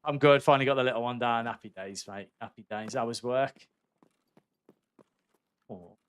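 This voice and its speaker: A man's voice: mid-range voice, normal speed, fairly bright tone, smooth. A man chatting candidly and casually as he livestreams a game, swearing freely and calling his viewers mate. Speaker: gaming livestreamer. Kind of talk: casual live-stream chat while playing.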